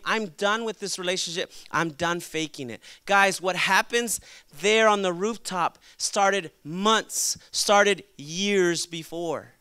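Lively high-voiced male pastor. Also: clean tone, no echo. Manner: lively, acts out quoted voices. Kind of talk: youth sermon.

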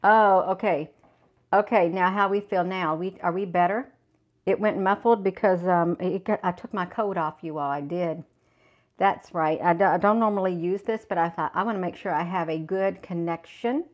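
A middle-aged woman hosts a casual livestream outdoors in the woods, talking to viewers, reading aloud, and repeatedly saying "you all." Her lowish voice moves at a moderate pace, and the audio from her corded clip-on mic sounds dull.

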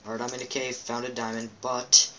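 Male let's-play host, mid-pitched, bright edge, casual game commentary, goofy asides and animal noises. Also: completely flat delivery, rapid-fire, muffled recording. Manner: reads game captions aloud with goofy asides; makes playful quack and meow noises.

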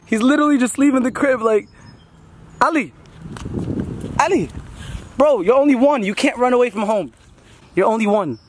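A man in his twenties vlogging to a handheld camera at home and out in a garden, talking in an animated, exasperated, slangy way. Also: very high-pitched, moderate pace, pauses often. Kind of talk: casual vlog to camera. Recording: roomy echo, loud background noise.

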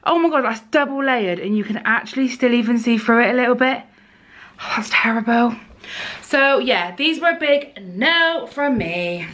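A woman's voice: a little high, lively intonation, normal speed, fairly bright tone. A young woman chatting casually to camera in a try-on haul, outspoken and exasperated. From United Kingdom. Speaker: fashion vlogger.

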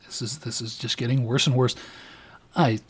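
A man's voice: mid-range voice, little pitch movement, normal speed, husky. A tipsy man giving rambling, self-mocking let's play commentary. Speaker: game commentator.

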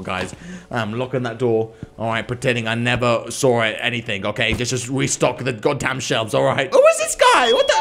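A man's voice: a little high, noisy background. A man hosting a let's play, talking nervously to his viewers and stammering when spooked. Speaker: gaming video host.

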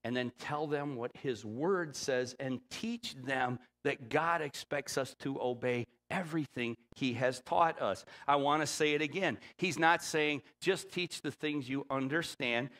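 A middle-aged man delivers a sermon from the pulpit with a mid-pitched voice. He builds to loud, emphatic points and then falls to a low, hushed tone for quoted lines. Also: a little slow, hardly any pauses. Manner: emphatic preaching with rising, loud peaks; drops to a low, quiet voice when quoting the Spirit. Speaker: pastor.

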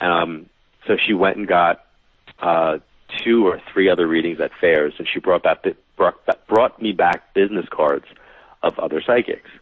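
Deep-voiced man on a phone-like line. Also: unhurried, no echo. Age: 40s. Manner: animated storyteller who acts out quoted dialogue. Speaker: guest, psychic medium. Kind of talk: casual storytelling interview. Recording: dry, tinny phone-like line.

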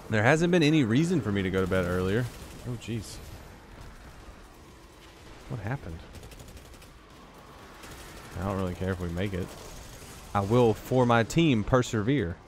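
A man's voice: on the low side, expressive, measured pace, pauses often, a little hiss or hum. A tired man giving rambling, joking commentary to himself while playing a video game. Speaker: gaming YouTuber. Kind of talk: casual gameplay commentary.

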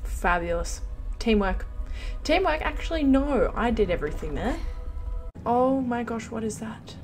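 Excitable woman playing a video game. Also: on the high side, takes it slowly, long pauses, soft background music. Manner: excitable, panicky, given to squeals and repeated exclamations. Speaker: gameplay host. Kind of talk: let's play commentary.

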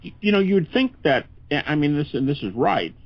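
A man's voice: a little high, normal speed, husky, no echo. Earnest older man on a dull line. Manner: earnest, conversational, lively with many restarts. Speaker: guest scholar. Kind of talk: podcast interview. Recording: dull, lo-fi podcast audio.

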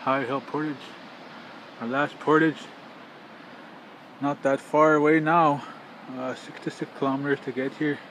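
A man from northern Manitoba gives short, clipped updates on a paddling trip, his voice sitting a little higher than most men's. He speaks into a handheld camera outdoors by the water. Background noise is clear throughout the recording. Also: fairly even intonation, unhurried, long pauses, fairly bright tone. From northern Manitoba, Canada. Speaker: trip vlogger. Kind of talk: casual travel vlog narration. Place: outdoors by lakes and rivers.

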